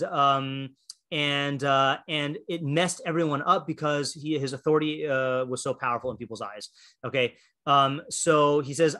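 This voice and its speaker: A man's voice: on the high side, a bit bright. A man teaching a Torah class in a casual, chatty way, full of fillers and restarts, reading passages aloud and explaining them.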